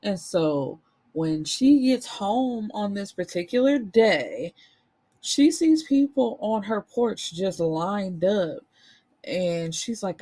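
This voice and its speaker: A woman in a casual, chatty book recap, colloquial and animated, with some swearing. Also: medium pitch, takes it slowly. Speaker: book reviewer.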